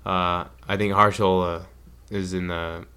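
A man co-hosting a podcast, casually retelling a trip in a rambling, animated way. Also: low voice, a little slow, clear, resonant tone. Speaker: podcast co-host. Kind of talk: casual storytelling chat.

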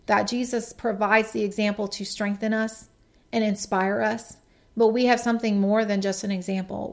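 A woman speaks in an earnest, reflective tone, delivering a devotional message. Her voice has a gravelly edge and sits at a middle pitch. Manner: earnest, reflective, reads quotes aloud. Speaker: podcast speaker.

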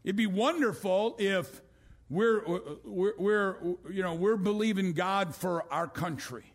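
An older man preaching a sermon as a pastor, swinging from loud exclamations down to a hushed voice. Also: high-pitched, slow pace. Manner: rising to loud exclamations, then dropping to a hush.

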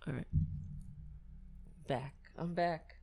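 A woman's voice: low-pitched, takes it slowly, creaky, mellow, slight background noise. A woman hosting a late-night livestream, rambling, swearing and often laughing at her own jokes. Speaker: livestream host.

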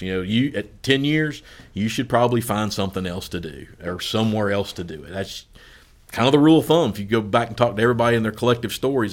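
A middle-aged man, a golf course superintendent, telling stories in casual chat and acting out quoted lines. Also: fairly low pitch. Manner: laughs through his stories, animated quoting.

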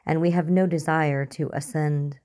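A woman's voice: low voice, steady tone, moderate pace, darkish tone, close to an everyday voice. A woman voicing a guarded mother who speaks in clipped, tense lines. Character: guarded fierce mother, barely contained anger.

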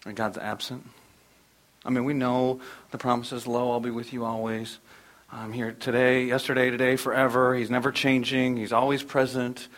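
A man's voice: mid-range voice, moderate pace. A middle-aged man preaching a sermon, telling stories with energy and sometimes dropping almost to a whisper for emphasis. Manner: storytelling, animated, drops to near whisper for emphasis. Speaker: pastor.

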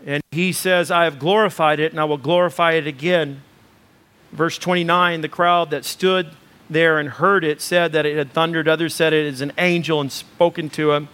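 A pastor delivers a sermon in a voice pitched high for a man. His talk is loose and conversational, full of ums, and it builds into emphatic repeated phrases. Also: fairly even intonation, moderate pace, a bit bright, smooth. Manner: conversational preaching with fillers, rising to emphatic lists.

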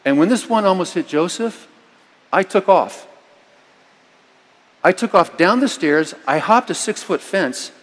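Animated preacher in a reverberant church. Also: male voice, sits high, a little slow, pauses often. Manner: storytelling, animated with sudden loud emphatic lines. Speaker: pastor. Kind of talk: sermon. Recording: long reverb of a church hall.

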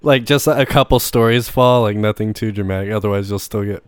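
A man's voice: lowish voice, brisk, clear, resonant tone, no echo. A man co-hosting a podcast, rambling through ideas in casual chat and laughing often. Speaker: podcast co-host.

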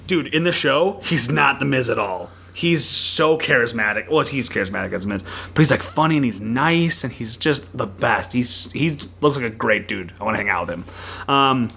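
A man co-hosting a podcast, chatting casually and retelling a show with animated storytelling. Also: medium pitch, moderate pace, vocal fry, breathy edge. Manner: animated storytelling with playful impressions. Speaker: podcast co-host.

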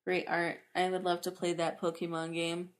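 A woman's voice: lowish voice, completely flat delivery, normal speed. A young woman co-hosting a podcast, chatting casually in a giggly, playful way. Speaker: podcast co-host. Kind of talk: casual chat.

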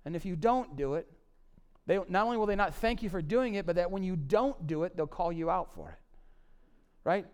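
A man in his forties preaching a sermon on marriage, swinging between loud emphatic lines and low quiet asides. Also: expressive, fairly quick, clear, resonant tone. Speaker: pastor.

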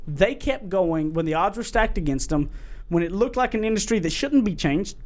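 A man's voice: high-pitched, expressive, moderate pace, darkish tone. A man hosting a podcast in casual chat, rambling and self-promoting. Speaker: podcast host.

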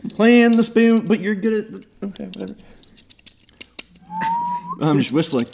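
Playful high-voiced man, lively banter. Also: normal speed, vocal fry, noisy background. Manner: playful, joins silly bits and sound effects. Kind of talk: casual comedic banter.

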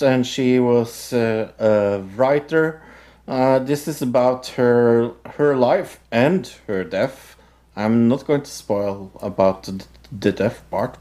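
Slow, halting male podcast co-host, casual TV-review chat, fillers and restarts. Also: medium pitch, warm tone. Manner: halting, many fillers and restarts, laughs often.

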